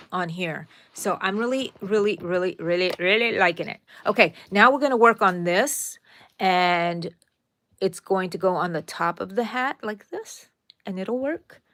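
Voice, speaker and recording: A woman's voice: medium pitch, measured pace, fairly bright tone. A woman hosting a casual crochet tutorial, chatting to viewers and counting her stitches aloud.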